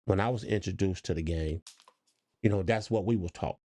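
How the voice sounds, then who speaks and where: A middle-aged man with a low, mellow voice talks in an easy, unhurried way, putting questions to his co-host. The sound is dry and close, with no room behind him. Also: no echo. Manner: relaxed, questioning, reads out listener comments. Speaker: podcast co-host. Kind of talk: casual chat.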